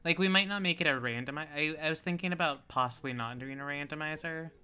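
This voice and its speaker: A woman's voice: low-pitched, fast talker, sharp tone, smooth, faint music behind. A woman co-hosting a casual gaming stream, chatting loosely and laughing often while reacting to the game. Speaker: streamer co-host.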